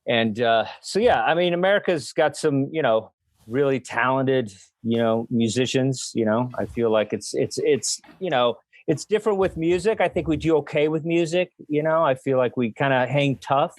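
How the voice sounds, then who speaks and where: A man's voice: mid-range voice, moderate pace, no echo. A man hosting a casual comedy podcast over a video call, rambling and self-deprecating, with lots of fillers. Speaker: podcast host. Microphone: unplugged mic, sound via built-in mic.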